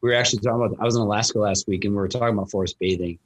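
A man with a low, husky voice, chatting casually as a host. He rambles through his story, full of ums and restarts. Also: fairly even intonation, very fast. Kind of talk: casual conversation.

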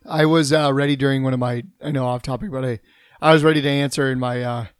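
A man's voice: mid-range voice, steady tone, fast, smooth, no room sound, clean studio sound. A man co-hosting a casual podcast, telling rambling stories and laughing often. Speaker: podcast co-host.

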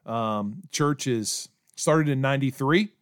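A man's voice: medium pitch, slow, clean tone. A man in his forties on church staff, hosting a casual podcast chat, rambling with many restarts.

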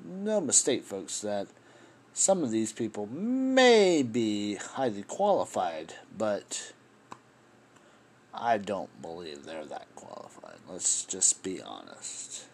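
A man on the low side, with wildly swooping pitch, a slow pace, vocal fry and a husky quality, hosts a solo political podcast. His rant is impassioned and rambling, peppered with swearing and addressed to listeners he calls "folks."

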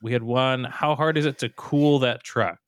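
Podcast host guy, lots of laughing and quick reactions, dry close mic. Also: mid-range voice, steady tone, dry recording. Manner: laughs often, short reactions. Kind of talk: casual interview.

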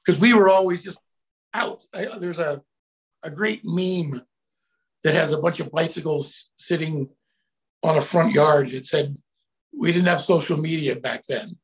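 Middle-aged male guest, gravelly and fairly high, animated storyteller who shouts out his quotes. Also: a little slow, long pauses. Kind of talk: casual storytelling.

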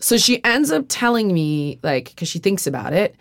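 A woman's voice: medium pitch, sing-song, normal speed, gravelly, no echo. A woman hosting a podcast, talking in a candid, rambling, profane way with frequent restarts. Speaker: podcast host. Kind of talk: casual podcast chat.

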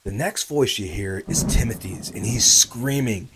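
A man's voice: fairly low pitch, a little slow, noisy background. A man hosting a podcast, narrating a true story in a casual, conversational way, talking straight to his listeners and pushing harder at the tense moments. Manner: conversational, addresses listeners, many fillers and tag questions; grows louder and more urgent at tense moments.

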